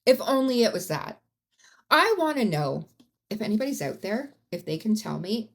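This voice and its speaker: A woman's voice: mid-range voice, big pitch swings, normal speed. A woman hosting a podcast, telling a true-crime story in a casual, blunt and profane way, with rising outbursts. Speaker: podcast host.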